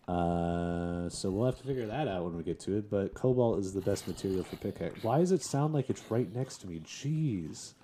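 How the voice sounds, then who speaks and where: Laid-back young man with a deep, dark voice. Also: a little hiss or hum. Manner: laid-back, chatty, talks to mobs, chuckles often. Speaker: gaming streamer. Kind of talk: casual Let's Play commentary.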